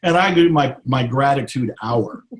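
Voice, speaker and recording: A middle-aged man from Texas, a guest author in an interview, talking earnestly and reflectively and slowing down to stress his points. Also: medium pitch, animated. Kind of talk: interview, motivational talk.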